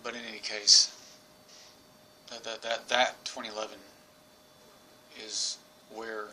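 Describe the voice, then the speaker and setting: A man in his forties telling a personal story to camera, rambling and halting with many restarts. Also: lowish voice, flat delivery, pushed and bright, a little hiss or hum, low-quality recording. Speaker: vlogger. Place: England.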